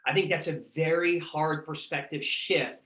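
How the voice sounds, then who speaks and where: Coach dude hosting a podcast, kinda high voice, echoey room. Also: male voice, fairly even intonation, a bit bright. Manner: encouraging, quick affirmations. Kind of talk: casual interview chat.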